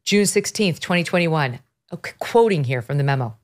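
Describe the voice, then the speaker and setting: A woman's voice: low-pitched, animated, brisk. A middle-aged woman hosting a political talk podcast, sarcastic and mocking as she talks through the news. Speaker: podcast host.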